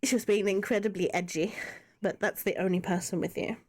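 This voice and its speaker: A woman's voice: mid-range voice, steady tone, fairly quick, a little mellow, slightly rough. A woman running a tabletop game as dungeon master over a video call, patiently explaining rules and scenes.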